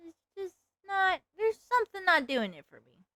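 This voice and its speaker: A woman's voice: very high-pitched, big pitch swings, normal speed, sharp tone, no echo, clean studio sound. A young woman streamer chatting casually with her viewers while she draws, giggly and self-mocking. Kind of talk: casual live-stream chat while drawing.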